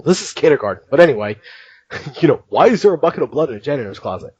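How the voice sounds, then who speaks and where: A man hosting a podcast, recounting things in an animated, chatty way and laughing often. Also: medium pitch, quick pace, breathy edge, no room sound, muffled recording. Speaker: podcast host. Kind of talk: casual podcast chat.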